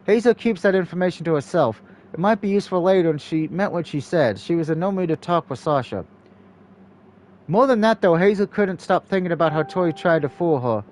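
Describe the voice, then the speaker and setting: A man's voice: fairly high pitch, lively intonation, fairly quick, a little mellow. Man reading a story game aloud. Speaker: let's-play narrator.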